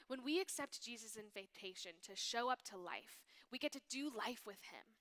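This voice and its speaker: Woman, youth ministry speaker, sermon reading, bright forceful tone, slightly high voice, hushed whispered asides. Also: lively intonation, moderate pace.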